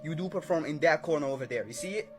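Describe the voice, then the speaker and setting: A man's voice: a little high, racing, faint music behind, lightly acted. A man voicing an eerie mother who begs a singer to come to her daughter's wedding, gushing and overly sweet. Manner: pleading, gushing.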